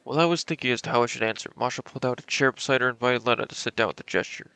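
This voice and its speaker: A man's voice: mid-range voice, very fast, creaky, sharp tone, smooth, no room sound. A young man streaming, reading a visual novel aloud dramatically and adding joking asides.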